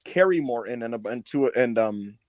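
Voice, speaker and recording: A man co-hosting a casual wrestling podcast, telling a long story with lots of swearing and high mock voices for the people in it. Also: moderate pace, lo-fi sound. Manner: animated storyteller, swears a lot, acts out others in high put-on voices. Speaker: podcast co-host.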